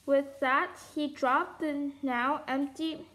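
A woman's voice: high-pitched, fairly even intonation, takes it slowly, a bit bright. A woman reading a novel aloud, carefully, with frequent stumbles and restarts over the words. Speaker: storybook reader.

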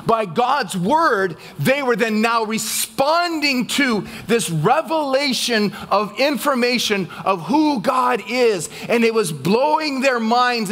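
High-voiced man preaching a sermon. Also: a bit bright. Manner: preaching with call-and-response questions to the congregation. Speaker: pastor. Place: church.

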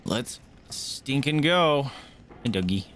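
Excitable man streaming a hard game. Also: medium pitch, slow, slight background noise. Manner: excitable, swears often, talks to viewers and his dogs. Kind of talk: live gameplay commentary.

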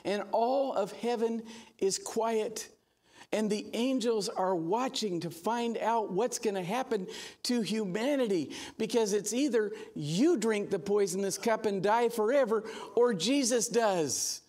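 A man's voice: sits high, measured pace, darkish tone. A male pastor delivering a sermon in a church, earnest and drawing on humor, acting out quotes as he teaches.

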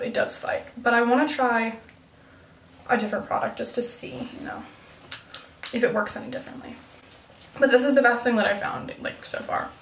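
A teenage girl vlogging about her skincare in a casual, rambling way, full of "like" and "um". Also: a little high. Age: teens. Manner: chatty, rambling, fills with "like" and "um". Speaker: beauty vlogger. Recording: roomy, mic at a distance.

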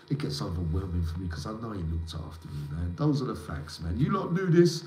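A rambling man hosts a live chat, slangy and emotional, greeting viewers one by one. His voice sits fairly low. It rings in an echoey room. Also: expressive, a little fast, warm tone, slight background noise. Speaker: livestream host.

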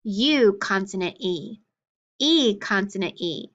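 A woman teaching a phonics lesson to children, spelling out letters and sounds clearly and praising often. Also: medium pitch, expressive, slow. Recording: dull lo-fi recording.

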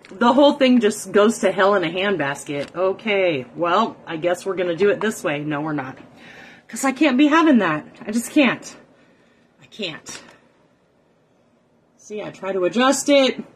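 A middle-aged woman with a drawl, chatting to her live viewers from a small home kitchen. She is self-deprecating and exasperated as she fights her setup, speaking at an average pitch. The phone recording carries a faint hiss behind her. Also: rough recording. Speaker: cooking livestream host. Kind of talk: casual live cooking chat to viewers.

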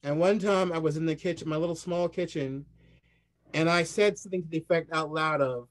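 A man speaking as a culinary historian, telling animated, humorous stories with playful repetition. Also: a little high, brisk. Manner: humorous, playful, repeats words. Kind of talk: animated anecdotal storytelling.

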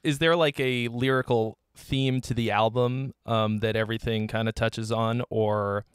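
A man's voice: mid-range voice, fairly even intonation, measured pace, smooth, no room sound, clean studio sound. A man hosting a podcast, asking questions hesitantly with plenty of ums. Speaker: podcast host and interviewer. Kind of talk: interview questions.

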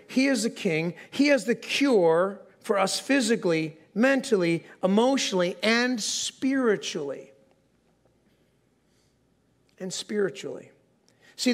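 High-voiced man preaching a casual sermon. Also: lively intonation, normal speed, a bit bright. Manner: conversational, self-deprecating, asks the congregation questions. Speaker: pastor. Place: church sanctuary before a congregation.

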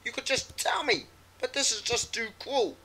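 A man doing a shrill, frightened young woman. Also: expressive, normal speed, sharp tone, husky, exaggerated voice. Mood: accusing. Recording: noisy with clicks and ticking.

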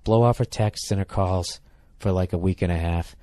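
Deep-voiced blunt profane man. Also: normal speed, warm tone, dry recording. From United States. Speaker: podcast host giving advice. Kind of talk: comedic advice rant.

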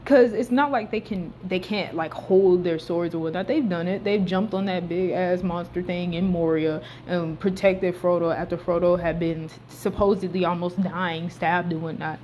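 A young woman, casually recapping a movie in slangy talk that swings between hushed asides and loud outbursts. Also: lowish voice, fairly even intonation, normal speed, few pauses, a little hiss or hum.

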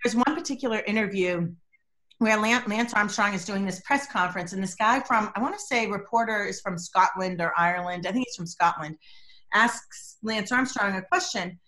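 A woman's voice: medium pitch, moderate pace, sharp tone. A middle-aged woman, a body language expert, talking energetically and emphatically as a podcast guest. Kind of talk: podcast interview.

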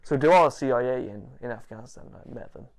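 A man, an interview guest, telling stories casually, animated, laughing and swearing. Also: mid-range voice, quick pace, creaky. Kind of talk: casual storytelling.

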